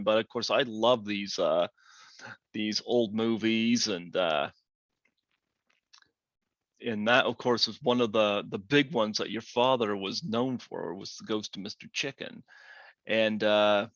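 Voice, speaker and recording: Man in his forties, slow halting host, dry close sound, dull lo-fi audio. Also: mid-range voice, fairly bright tone, dry recording. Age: 40s. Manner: slow, halting, many fillers. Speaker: podcast host. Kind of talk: casual interview.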